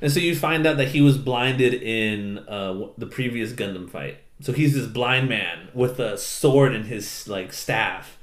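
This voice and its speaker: A man's voice: medium pitch, measured pace, hardly any pauses. A young man in casual podcast chat, rambling and swearing as he recaps an anime. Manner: profane, rambling, acts out characters' lines. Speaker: podcast co-host. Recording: roomy echo.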